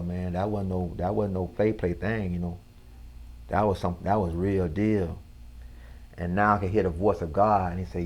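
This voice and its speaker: Man, interview guest, low voice, earnest, slangy storytelling. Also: fairly even intonation, moderate pace, darkish tone. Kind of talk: personal testimony in an interview.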